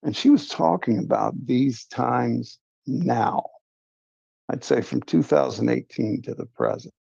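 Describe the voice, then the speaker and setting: A man with a deeply gravelly, fry-laden voice tells a story from his own life in a casual, confiding way. His tone is dark and mellow. The recording is dry and close, with dull lo-fi stream audio. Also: unhurried, no room sound. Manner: earnest, confiding, recounting a strange encounter. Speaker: livestream host. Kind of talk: casual first-person storytelling.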